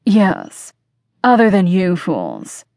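A woman's voice: lowish voice, wildly swooping pitch, slow pace, a little mellow, no room sound, heavily acted. A woman reading an audiobook and voicing a playful, nosy young man who teases his close friend in a chatty way. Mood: teasing. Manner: teasing, chatty. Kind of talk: audiobook character dialogue.

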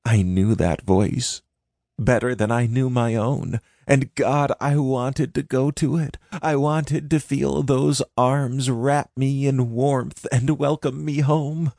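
A man's voice: mid-range voice, steady tone, slow pace, creaky, darkish tone, no echo, clean studio sound. A man narrating a first-person audiobook in a dramatic, intense reading.

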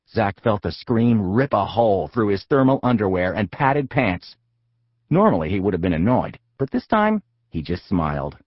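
A man reads a comic children's audiobook with a slightly husky voice. His pitch is animated and playful as he tells the story. The recording is dry and a bit dull. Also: no room sound. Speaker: audiobook narrator. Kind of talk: comic kids' audiobook narration.

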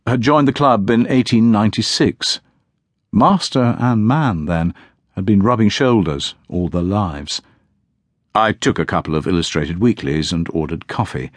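A man giving unhurried, measured first-person narration of an audiobook. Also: lowish voice, no room sound, clean studio sound.

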